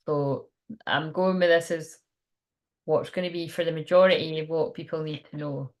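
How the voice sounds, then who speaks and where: Rambling woman thinking aloud, lowish. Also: steady tone, normal speed. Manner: chatty and informal. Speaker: tarot card reader. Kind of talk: live card reading to viewers.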